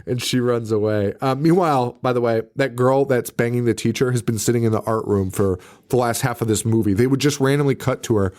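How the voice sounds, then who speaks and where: A man's voice: mid-range voice, fairly quick, hardly any pauses, darkish tone. Profanity-heavy man recapping a movie. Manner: profane, laughing, acts out scenes in silly voices. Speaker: podcast co-host. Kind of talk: casual movie recap chat.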